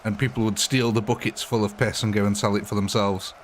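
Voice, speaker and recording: A man's voice: on the low side, flat delivery, brisk, slight background noise. A man hosting a live game stream, chatting casually and jokily as he rambles between topics. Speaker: live-stream gamer host.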